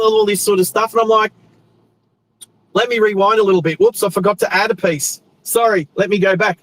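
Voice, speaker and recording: High-voiced Australian man telling a story. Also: a little fast, a little hiss or hum, poor audio. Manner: animated, rambling with restarts. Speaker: host. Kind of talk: casual storytelling while driving. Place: inside a car on the road.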